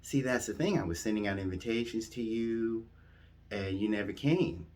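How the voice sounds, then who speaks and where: A man voicing an elderly queen of England who is a haughty, gushing fan, in a high falsetto. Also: moderate pace, darkish tone, lightly acted. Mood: chatty. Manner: high falsetto, prim and chatty.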